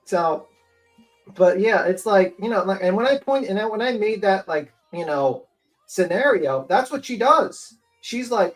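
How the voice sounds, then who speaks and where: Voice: medium pitch, animated, a little slow, soft background music, low-quality recording. A panelist on a livestream giving casual, rambling commentary full of swearing and filler words. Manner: profane, rambling, lots of fillers. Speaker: panel guest.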